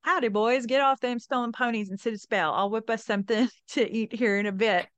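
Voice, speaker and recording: A woman's voice: a little high, steady tone, fairly quick, fairly bright tone, dry recording, pitched above the performer's own voice, lightly acted. A woman reading aloud as an old frontier man, drawling and hospitable, in a raised, livelier voice. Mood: jovial. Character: folksy old male frontier gunsmith.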